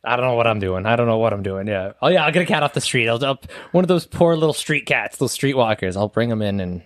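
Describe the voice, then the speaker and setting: A man's voice: medium pitch, lively intonation, fast, dry recording. A young man co-hosting a casual podcast, teasing his friend and laughing a lot, close to a studio mic with a pop screen. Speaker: podcast co-host. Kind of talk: casual chat.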